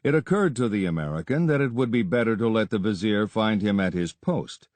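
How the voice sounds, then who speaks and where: A man reading an adventure story aloud as narrator, in a steady, measured storytelling manner. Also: on the low side, dry recording. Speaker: audiobook narrator. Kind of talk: scripted narration.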